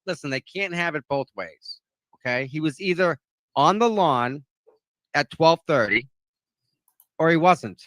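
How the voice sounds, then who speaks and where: A man's voice: a little high, expressive, a little slow, pauses often, a bit bright, dry recording. A man with a Boston accent, a guest on a casual livestream, talking emphatically and repeating points for punch.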